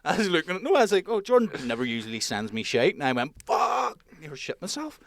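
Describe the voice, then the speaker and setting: A young man with a Northern Irish accent, co-hosting a podcast in excitable, sweary casual chat. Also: a little high, very fast, no echo, studio quality. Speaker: podcast co-host.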